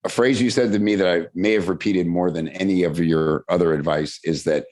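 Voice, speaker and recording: A man hosting a casual interview podcast, relaxed and friendly, prompting his guest with short affirmations and easy questions. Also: low voice, a little fast, hardly any pauses. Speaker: podcast host.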